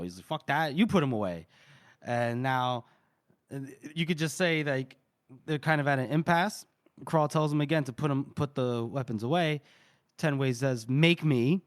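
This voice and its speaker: A man's voice: mid-range voice, moderate pace, clean tone. A man co-hosting a podcast, casually recapping a book chapter and swearing freely as he jokes his way through it. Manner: loose and joking, acting out quoted lines and swearing freely. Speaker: podcast co-host recapping a fantasy novel. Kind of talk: casual chat.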